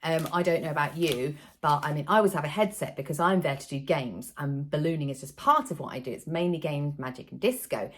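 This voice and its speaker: A woman, a children's party entertainer explaining a party game in a playful, animated way. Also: low-pitched, fairly quick, few pauses. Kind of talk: how-to video explanation.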